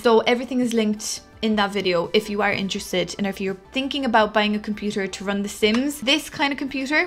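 A woman's voice: mid-range voice, fairly bright tone. A young woman chatting through casual gameplay commentary as a gaming YouTuber, gushing and chatty. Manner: gushing, chatty, with many "like" fillers.

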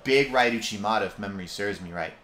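A man commenting live on footage of his own match, in quick, animated fragments. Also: fairly low pitch, a crowd in the background. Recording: roomy echo.

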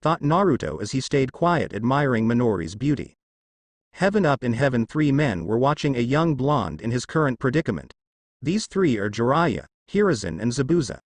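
A man narrating a fan fiction story aloud in a plain, steady reading voice with occasional misread words. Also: medium pitch, moderate pace, no room sound.

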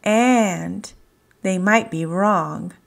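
A woman voicing a shy little female bookworm who speaks gently in a whispery way. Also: mid-range voice, very slow, gravelly. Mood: gentle.

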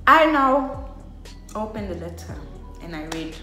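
A woman's voice: mid-range voice, lively intonation, measured pace, pushed and bright, soft background music. A young woman telling a personal story on her vlog, chatty and full of filler words. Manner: chatty, heavy use of filler "like". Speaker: vlogger. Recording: echoey room.

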